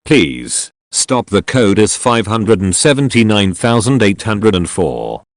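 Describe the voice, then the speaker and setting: A man reading an audiobook, voicing a cruel male captor who talks in a low, slow, strained, pleading way. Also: sing-song, no echo, studio quality. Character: cruel grown male captor, broken and begging. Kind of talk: audiobook character voice.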